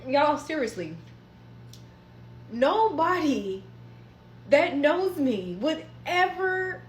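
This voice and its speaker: Woman storyteller, fairly high voice, animated and profane, talking straight to viewers in a roomy space. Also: extremely slow, slight background noise. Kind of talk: casual storytime monologue.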